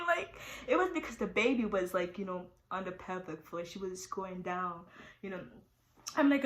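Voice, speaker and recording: A teenage girl telling her own story in a chatty, animated way, with many fillers. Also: fairly high pitch, a little fast, roomy sound, rough recording. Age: teens. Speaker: vlogger. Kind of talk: casual storytime.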